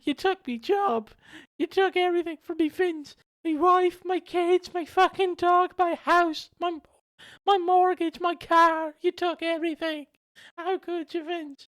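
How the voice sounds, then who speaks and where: A man's voice: steady tone, unhurried, a bit bright, dry recording. A man putting on a whiny, aggrieved wrestler who wails a long list of complaints. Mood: wailing. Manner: shrill, wailing complaint.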